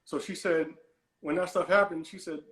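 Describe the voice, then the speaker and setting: A man's voice: a little high, fairly even intonation, moderate pace, a bit bright, echoey room, rough recording. A man calling in to a talk show, telling a long story in a rambling way, repeating and restarting his words and brushing things off. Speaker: caller. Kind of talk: animated storytelling on a call-in show.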